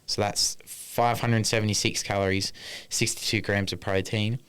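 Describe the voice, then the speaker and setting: Smooth low-voiced man rambling. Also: flat delivery, moderate pace, a bit bright. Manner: rambling, swears casually, lists numbers. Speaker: podcast co-host. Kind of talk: casual chat.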